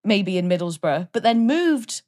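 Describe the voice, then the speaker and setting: A woman's voice: medium pitch, very animated, unhurried, a little mellow. A woman co-hosting a casual film review chat, chatty and enthusiastic. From Wales. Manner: chatty and enthusiastic, laughs often. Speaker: podcast co-host.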